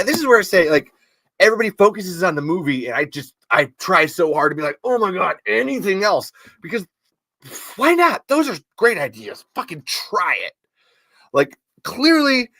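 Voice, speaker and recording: A man hosts a casual livestream podcast and reads out viewer comments, his pitch swooping up and down as he talks. His voice is bright and forceful, a little on the high side for a man. The sound is dry and close, with no room echo. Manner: animated, swearing freely, testy and emphatic. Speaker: podcast host.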